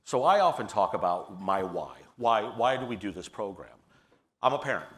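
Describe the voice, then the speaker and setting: A middle-aged man speaking on a panel in an earnest, personal storytelling manner, with a low voice. He often restarts his phrases as he talks. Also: very animated, normal speed, fairly bright tone. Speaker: panelist, theater leader. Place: stage at a public forum.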